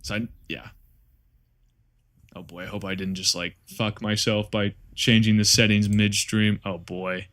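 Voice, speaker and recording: A man's voice: on the low side, little pitch movement, unhurried, a bit bright. A man chatting casually to his viewers on a live stream while playing a game, rambling, laughing and swearing freely.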